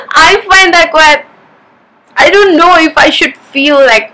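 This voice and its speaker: A woman from India's Kerala region chats to the camera in a casual, giggly way. Her voice sits a little on the high side. She tells her stories with lively energy. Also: slow pace, rough recording. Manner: chatty, giggly, animated storytelling. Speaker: vlogger.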